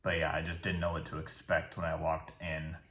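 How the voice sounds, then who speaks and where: A man's voice: extremely low pitch, monotone, a little fast, a bit bright. A man chatting casually in a personal vlog beside his wife, wry and joking, laughing often. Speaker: husband and co-host. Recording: echoey room with background noise.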